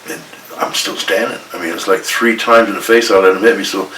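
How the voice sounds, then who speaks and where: Ex-wrestler guest, low voice, swears freely, tells it with quoted dialogue; room echo, distant mic. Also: male voice, fairly even intonation, brisk, pushed and bright, a little hiss or hum. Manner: blunt, profane, retells arguments in quoted dialogue. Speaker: retired pro wrestler guest. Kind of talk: candid storytelling interview. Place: indoor room with a coffee maker.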